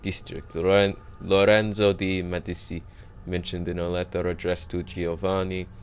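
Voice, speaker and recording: A man doing a deep, gravelly mock Italian accent as he reads out lore entries. He stumbles and restarts over long names, keeping the voice low and rough throughout. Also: little pitch movement, normal speed. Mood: mock-grand.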